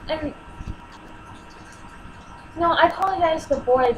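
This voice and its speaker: A teenage girl with a high-sitting voice and lively intonation shares a personal story at a moderate pace in a home vlog. The audio is poor, with slight background noise, and she sounds exasperated and emotional while acting out what people said.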